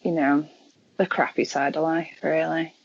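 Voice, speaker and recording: A woman's voice: deep voice, level tone, unhurried, muffled recording. A woman from near Chester with a Liverpool accent, chatting casually on a podcast and telling stories with lots of restarts. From England (Chester area). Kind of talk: casual chat.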